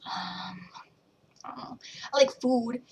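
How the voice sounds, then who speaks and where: A young woman with a fairly high voice rambles through a casual vlog, skipping from one tangent to another and acting out little quotes. She sits a bit back from the mic, so the voice sounds slightly distant. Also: takes it slowly, slightly rough. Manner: rambling, jumps between tangents, acts out quotes. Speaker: vlogger and page admin. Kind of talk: casual rambling chat to camera.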